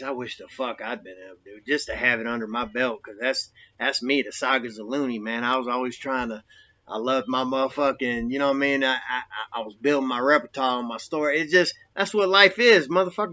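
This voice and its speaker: A man telling his own story in a rambling, profane, animated way. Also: mid-range voice. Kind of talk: casual storytelling. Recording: dull lo-fi recording.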